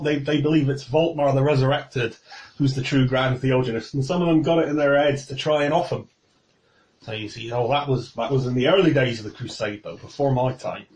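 A man's voice: mid-range voice, a little mellow, close to an everyday voice, low-quality recording. A man playing a talkative middle-aged male camp follower who rambles on with many hesitations, in a tabletop game.

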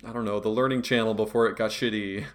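A man's voice: lowish voice, fairly even intonation, quick pace, fairly bright tone. Teasing laid-back man chatting. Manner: teasing, laughs often. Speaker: podcast co-host. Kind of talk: casual chat.

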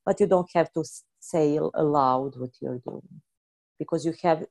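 A woman who practises energy healing explains and rehearses healing statements in halting, non-native English, restarting and repeating words. Her voice is low-pitched and a little mellow, with vocal fry.

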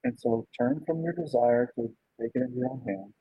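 A man with a husky, slightly breathy voice gives a loose, conversational sermon. He keeps checking in with his listeners and asking "right?" as he talks. The recording sounds dull and lo-fi. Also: medium pitch, fairly quick, no room sound. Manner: informal, asks "right?" often. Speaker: preacher.

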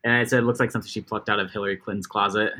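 Bright-voiced joking male podcast co-host. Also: fairly low pitch, level tone, very fast. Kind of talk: casual chat.

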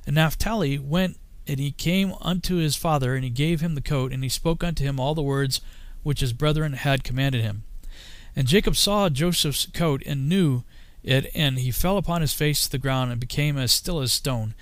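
A man reading an old scripture text aloud in a solemn, measured way, sometimes slipping and correcting himself. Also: fairly high pitch, dry recording. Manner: solemn, archaic phrasing with occasional slips and self-corrections. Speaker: reader.

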